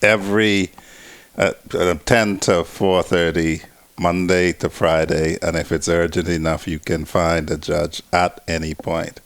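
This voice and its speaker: A man, a talk show guest, speaking in a measured, lawyerly way. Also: low-pitched, level tone, no room sound. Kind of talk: political talk show discussion.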